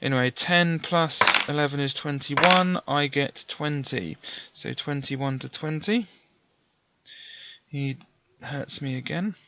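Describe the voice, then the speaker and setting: Slow, calm man reading a gamebook. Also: fairly high pitch, lo-fi sound, slight background noise. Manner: calm, talks through dice sums aloud; mild self-deprecating asides. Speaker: let's play host. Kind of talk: gamebook playthrough with read-aloud narration.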